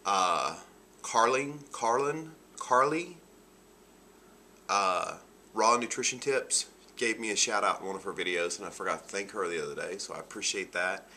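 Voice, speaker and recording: Nasal low-voiced man. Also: fairly quick, bright, forceful tone, slight background noise. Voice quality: nasal from allergies. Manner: chatty, upbeat, laughs often. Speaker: vlogger. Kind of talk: casual video diary.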